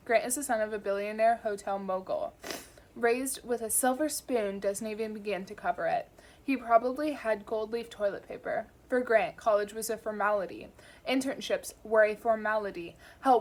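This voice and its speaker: A woman casually reading a first-person novel aloud in a wry, lively way, now and then stumbling over words and commenting on her slips. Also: fairly high pitch. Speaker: audiobook reader. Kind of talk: casual home audiobook reading.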